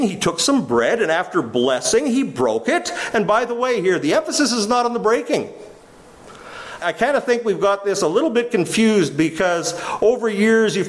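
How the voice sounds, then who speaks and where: A male preacher teaches his listeners. His voice sits high and rises and falls a great deal. He keeps asking questions and then answering them himself. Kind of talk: sermon.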